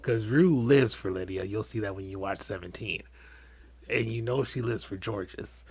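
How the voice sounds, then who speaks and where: A man co-hosting a casual podcast, chatty and easily excited. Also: fairly low pitch, normal speed, slightly rough. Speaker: podcast co-host. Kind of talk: casual chat.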